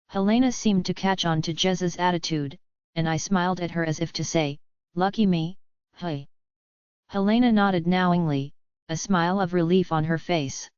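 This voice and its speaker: A woman reading a first-person audiobook in a steady, measured way. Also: on the low side, smooth, no room sound. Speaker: audiobook reader. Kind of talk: scripted narration. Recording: dull lo-fi audiobook recording.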